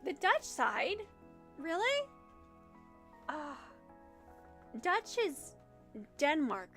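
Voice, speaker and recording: A woman's voice: fairly high pitch, fairly bright tone. A young woman with a Midwestern accent, chatting casually on a livestream, rambling and giggling as she answers chat. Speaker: streamer.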